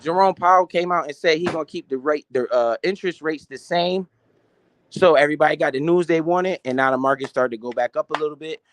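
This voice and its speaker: High-pitched man in animated, profane stream talk. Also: fast, slight background noise. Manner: animated, profane, slangy, asks questions and answers them himself. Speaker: finance streamer. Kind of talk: casual live-stream talk.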